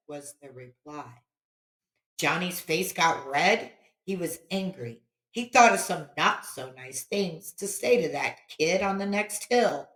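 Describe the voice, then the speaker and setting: A woman hosting her channel and reading a bedtime story aloud in a slow, expressive way. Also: deep voice. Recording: roomy echo.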